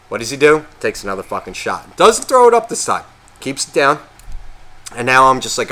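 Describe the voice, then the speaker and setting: A man with a medium-pitched voice co-hosts a podcast and talks briskly. In casual chat he tells a rambling, animated story, swearing constantly.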